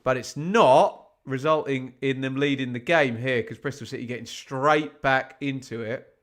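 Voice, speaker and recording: A man commentating live on a football match for an online watch-along. He chats to his viewers, reads out the other scores and keeps asking the chat rhetorical questions. His pitch sits at an ordinary middle level for a man. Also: normal speed.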